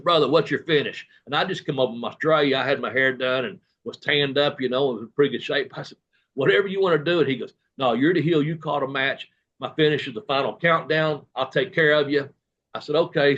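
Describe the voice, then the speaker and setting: A man's voice: a little high, fairly bright tone, dull audio. A man, a guest telling long, rambling stories full of quoted dialogue and fillers in a casual interview. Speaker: guest, retired professional wrestler.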